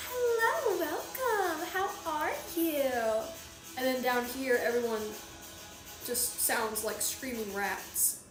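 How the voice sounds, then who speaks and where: A young streamer from who talks in a high, chatty voice and rambles on while she reads her chat. Her voice has the room's echo in it, with faint music behind. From Georgia, USA. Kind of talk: casual chat while crocheting on a livestream.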